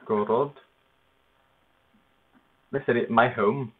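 A man casually narrating his own language practice, halting over foreign words and laughing at himself. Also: on the low side. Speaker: language learner. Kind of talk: casual self-narrated study session. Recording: tinny phone-like noisy recording.

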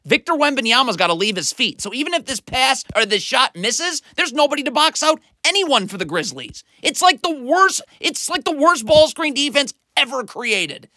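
A man's voice: extremely high pitch, big pitch swings, moderate pace, few pauses, bright, forceful tone, no echo. A man breaking down basketball game film as a commentator, exasperated and critical, explaining defense like a coach.

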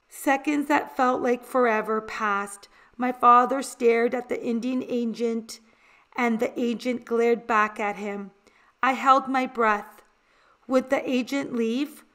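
A woman reading a children's picture book aloud in a deliberate, expressive way. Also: fairly high pitch. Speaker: storybook reader.

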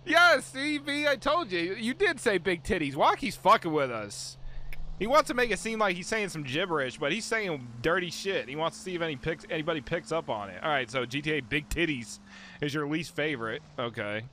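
Game streamer, male, high animated delivery, cursing and yelping at the game. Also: brisk, slight background noise. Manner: excitable, swears a lot, sudden yelps. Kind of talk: live gameplay commentary.

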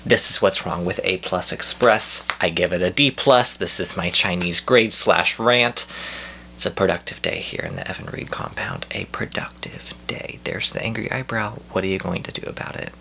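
A young man doing a deadpan, profane comedic rant to camera at home, full of mock outrage. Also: deep voice, normal speed, gravelly, slight background noise. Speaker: comedy vlogger. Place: at home indoors.

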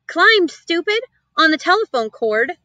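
A cheeky little boy mouse from a storybook, quick and a bit rude, as a woman puts him on. His voice sits high and bright. It's recorded dry and close. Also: sing-song, dry recording, heavily acted. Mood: snappy. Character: small brave male mouse, cheeky.

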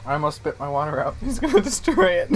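A man's voice: sits high, big pitch swings, a little fast, noisy background. A young man giving jokey, self-mocking let's play commentary, laughing often. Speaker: gameplay commentator.

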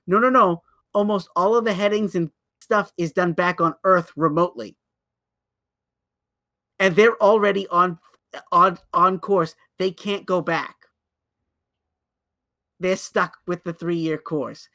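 A man's voice: high-pitched, slow, long pauses. A man co-hosting a casual podcast, stumbling over himself as he eagerly recounts a show. His delivery jumps ahead and doubles back mid-sentence. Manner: animated storyteller, many restarts. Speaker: podcast co-host. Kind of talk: casual chat.

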